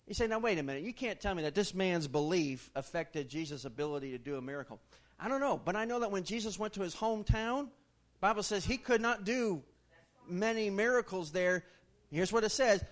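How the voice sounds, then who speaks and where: A man preaching a sermon to his congregation, swinging from loud, passionate rises to quiet asides and putting questions straight to the room. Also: high-pitched, a little fast. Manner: animated preaching with sudden loud rises and soft drops; asks the congregation questions directly. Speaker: pastor.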